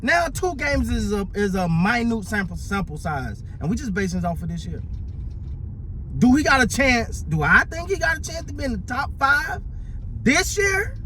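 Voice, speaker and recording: A man giving casual, animated sports commentary, often stumbling over and repeating his words. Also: very high voice, moderate pace, a little hiss or hum.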